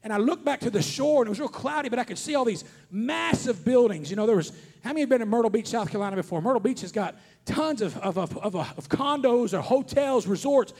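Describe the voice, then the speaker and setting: A man with a strikingly high voice preaches to a conference audience. He talks earnestly, repeats himself, and rises to shouts to hammer home his points. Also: expressive, fast, slightly rough. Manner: earnest, repetitive, rising to shouts on key points. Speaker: traveling preacher. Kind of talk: sermon. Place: conference hall before an audience.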